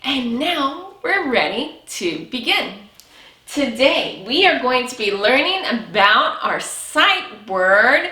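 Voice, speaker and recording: A woman teaching young children to read, speaking slowly and cheerfully with lots of praise. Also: high voice, big pitch swings, sharp tone, roomy sound. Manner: slow, exaggerated, encouraging teacher talk with praise. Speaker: preschool teacher. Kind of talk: early reading lesson for young children.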